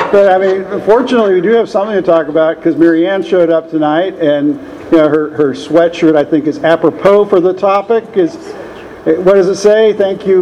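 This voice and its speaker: An older man telling a rambling, self-deprecating personal story at a meeting, chuckling often. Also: high voice. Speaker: meeting speaker. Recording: dull lo-fi room recording.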